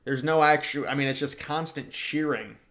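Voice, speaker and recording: A man's voice: fairly high pitch, steady tone, normal speed, a bit bright. Casual young man chatting on a livestream. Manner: casual, slangy, reacting to chat and trailing off. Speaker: livestream host. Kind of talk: casual political livestream chat.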